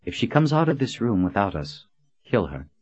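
A composed noblewoman who speaks with calm authority, read by a male narrator in a deep voice near his own. The delivery is low and even-handed. The recording is dry and slightly muffled. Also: moderate pace, slightly rough, no echo. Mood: cold commanding. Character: composed noblewoman, commanding and gentle. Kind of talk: audiobook character voice.

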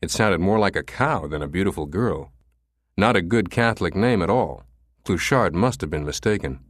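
A man narrating an audiobook in a measured, even reading style. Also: sits low, no echo, studio quality. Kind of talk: scripted narration.

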